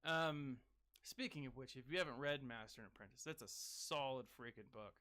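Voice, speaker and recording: A man giving casual gaming commentary as a streamer, chatting with viewers and breaking into sudden excited whoops. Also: mid-range voice, normal speed. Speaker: game streamer reading live chat.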